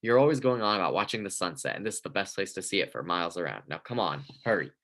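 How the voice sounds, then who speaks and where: Halfdan, a man voicing an excitable Viking youth. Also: sits low, fast. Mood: grumbling. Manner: loud, indignant, dramatic. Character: excitable young male Viking eager for glory. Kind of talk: storybook reading.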